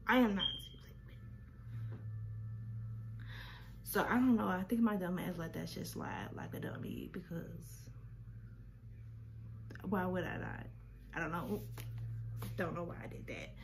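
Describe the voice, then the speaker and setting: A woman telling a storytime vlog, animated and incredulous, firing off rhetorical questions, repeating words and dropping to near-whispers for asides. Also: lowish voice, measured pace, creaky, long pauses, a little hiss or hum. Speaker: vlogger.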